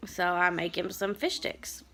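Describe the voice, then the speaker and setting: A mother in her thirties telling a story in a rambling, animated vlog and turning aside to her children. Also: on the low side, a little slow. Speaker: mother vlogger.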